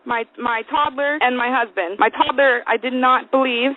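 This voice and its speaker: Young woman ranting a crazy story, swears a ton, high voice, sounds like it's over a phone. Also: moderate pace, narrow, tinny audio. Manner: profane, animated, dramatic. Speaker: co-host. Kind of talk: casual comedic storytelling.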